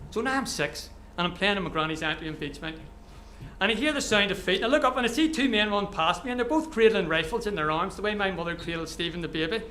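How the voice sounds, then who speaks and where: A man's voice: high voice, quick pace, pushed and bright, slight background noise. A man reading his own short story aloud at a live event, telling it vividly in the present tense. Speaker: author.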